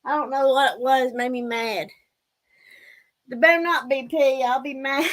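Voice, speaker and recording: A woman's voice: high voice, measured pace, a bit bright. A woman hosting a casual livestream, rambling and out of breath as she talks to her viewers. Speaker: livestream host.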